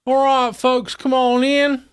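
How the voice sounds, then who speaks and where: A man's voice: very high-pitched, level tone, slow pace. A man playing a pushy male tourism trainer who lectures the locals in a brusque, patronizing way and cuts people off. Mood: bossy. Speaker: podcast co-host.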